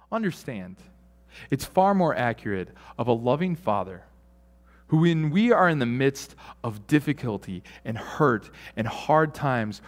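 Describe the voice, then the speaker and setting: A man's voice: high voice, lively intonation, normal speed, in a large hall. Man preaching with sweeping dynamics. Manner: dynamic, swings from loud emphasis to hushed near-whisper; conversational with fillers and asides. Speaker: pastor. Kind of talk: sermon.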